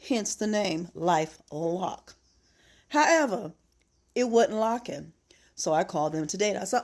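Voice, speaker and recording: A woman's voice: medium pitch, animated, measured pace. A middle-aged woman vlogger venting in a casual, emphatic monologue and telling her story with exasperation.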